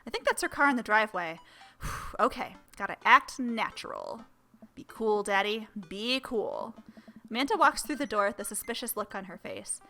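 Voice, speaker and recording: Bright young-sounding woman reading a dating game out loud, laughs a lot, bit of music behind. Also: on the high side, fairly quick. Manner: animated, laughing often, switching between reading and reacting. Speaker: gamer playing a dating sim. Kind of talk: let's play commentary and reading aloud.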